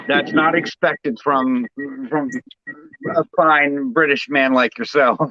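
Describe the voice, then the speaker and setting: A man from the United States chatting casually, telling things in an amused, drawn-out way. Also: mid-range voice, sharp tone, dull audio, slight background noise. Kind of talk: casual chat.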